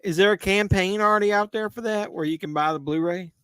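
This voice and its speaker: Crude joking man, fairly high voice. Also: a little fast, pushed and bright, smooth, no echo. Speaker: live-stream host. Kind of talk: casual movie watch-along commentary.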